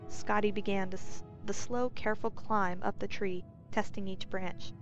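A woman narrating a fantasy bedtime story in a calm, even storytelling manner. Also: medium pitch, moderate pace, few pauses. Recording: dull lo-fi recording, faint music.

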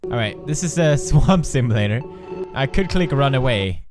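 A young man hosting a joking let's-play commentary, excitable and prone to yelps and laughter. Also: mid-range voice, normal speed, over music. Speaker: gaming video host.

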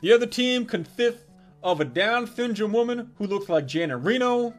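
A young man with a high-pitched voice tells crude comedy stories with animated, irreverent timing. His delivery is punchy, and faint music plays underneath. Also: normal speed. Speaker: comedic storyteller.

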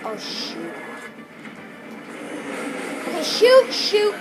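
Excitable woman narrating gameplay. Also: very high voice, drawn-out words, over loud music, poor audio. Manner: excitable, frustrated, pleading. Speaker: game player. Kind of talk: gameplay commentary.

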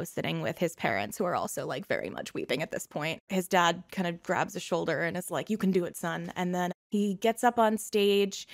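A woman's voice: fairly low pitch, no room sound, clean studio sound. A woman game master narrating a tabletop game in a casual, chatty way with many fillers.

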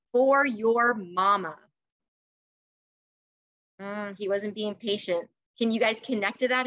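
A female teacher reads aloud from a picture book to kids over a video call, using an expressive, coaxing tone and stopping to ask questions. Her voice is mid-range.

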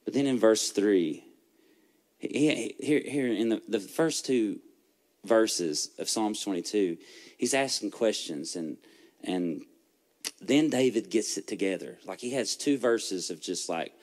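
A man's voice: medium pitch, moderate pace. A man who is a pastor and host, talking earnestly in a preaching style, often repeating words and building into fervent lists.

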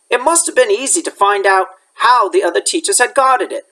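A man's voice: sits high, animated, moderate pace, pushed and bright, low-quality recording. A male elementary school teacher reading a chapter book aloud, with occasional slips he corrects.

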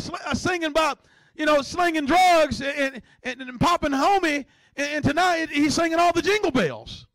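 A man preaching a lively sermon as pastor, joking with the congregation and swinging between shouts and hushed asides. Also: extremely high pitch, moderate pace, no echo.

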